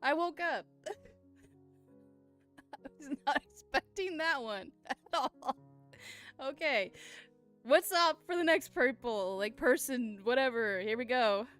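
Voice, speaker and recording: A woman gaming streamer doing chatty, excitable commentary, often laughing. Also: on the high side. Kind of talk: live game commentary.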